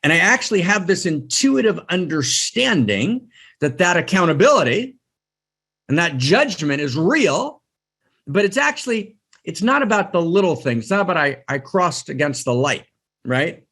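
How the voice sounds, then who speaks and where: A man's voice: high-pitched, sing-song, moderate pace, a bit bright, breathy edge. A man giving an emphatic spiritual teaching talk, repeating his phrases and often checking in with "right?".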